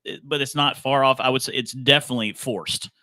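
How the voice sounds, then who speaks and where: Bright-voiced joking man host. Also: mid-range voice, steady tone, fairly quick, no echo, studio quality. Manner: joking, laughs often, trails off. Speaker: podcast host. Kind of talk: casual chat.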